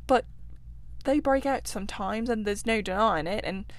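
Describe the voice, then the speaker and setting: A woman's voice: medium pitch, moderate pace, lightly acted. A woman voicing a self-assured male water rat who loves his river, talking in a confident, chatty and somewhat guarded way. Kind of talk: storybook reading.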